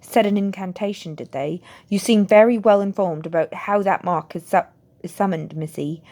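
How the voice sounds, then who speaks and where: A woman's voice: mid-range voice, normal speed, warm tone, lightly acted. A woman voicing a cold, curt, furious older male official who snaps accusations, in an amateur audiobook reading. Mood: scornful. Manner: snapping, accusing.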